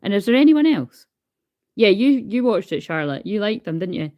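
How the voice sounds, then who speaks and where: A hyper woman chats through a casual card reading on a livestream, talking into her phone. She swears freely and keeps up an easy, informal patter at a middling pitch. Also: sing-song, moderate pace, lo-fi sound. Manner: chatty, swears freely, calls herself hyper. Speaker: tarot card reader.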